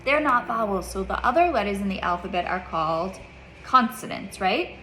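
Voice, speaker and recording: A woman's voice: mid-range voice, lively intonation, moderate pace, bright, forceful tone, a little hiss or hum. A woman teaching a child reading in a one-on-one lesson, patient, repeating her questions and checking in with "okay?".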